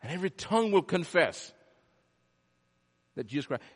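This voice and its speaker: Male pastor, fairly high voice, hushed-to-booming sermon delivery, long church reverb. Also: big pitch swings, moderate pace. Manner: preaching with sharp swings from hushed to loud. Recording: long echo of a large hall.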